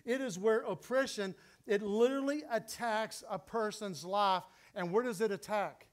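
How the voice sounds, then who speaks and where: High-voiced emphatic man preaching. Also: moderate pace. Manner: emphatic, repeating key phrases. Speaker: pastor. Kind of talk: sermon.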